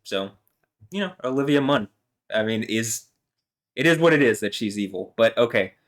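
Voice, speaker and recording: A man's voice: mid-range voice, animated, normal speed. A man vlogging alone, talking in a meandering, heated way with lots of fillers and some swearing. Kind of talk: rambling solo monologue.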